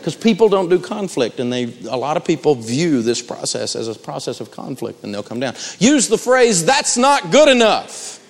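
A man giving a live seminar talk on negotiating, telling stories with animated delivery and acting out the quotes. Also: mid-range voice, moderate pace, hardly any pauses, big-room sound. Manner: animated storytelling, acts out quotes. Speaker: negotiation speaker.

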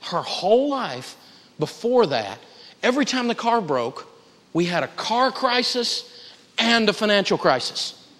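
A man's voice: sits high, big pitch swings, unhurried, a bit bright. A man teaching personal finance to a live audience, emphatic, humorous and folksy as he tells stories. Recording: reverberant lecture hall.

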